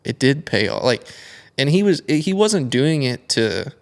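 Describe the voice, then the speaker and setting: Young male racer, casual rambler with a gravelly edge, mid-pitch. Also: measured pace. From United States. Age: young adult. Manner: rambling, animated storytelling with many fillers. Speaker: guest, flat track racer. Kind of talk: casual storytelling interview.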